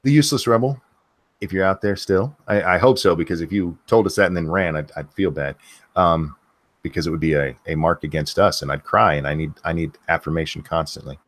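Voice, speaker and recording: A man's voice: deep voice, brisk, a bit bright. A man hosting a casual podcast chat, rambling through the news and swearing often. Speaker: podcast host.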